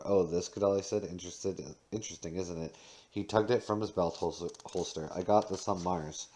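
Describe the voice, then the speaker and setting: Guy with a really low voice reading a book out loud, stumbles and restarts sometimes. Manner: reads with small slips and restarts. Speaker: audiobook reader. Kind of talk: read-aloud narration of a novel.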